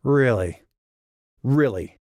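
Audiobook: a calm, wry sheriff read by a male narrator, measured and dry, in a plain mid-pitched voice. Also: no room sound.

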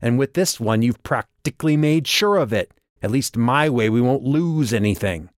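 A man voicing a whip-thin, scowling, bitter man who sneers and strains close to a shout. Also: low voice, measured pace, gravelly, no room sound, exaggerated voice. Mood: bitter, sneering.

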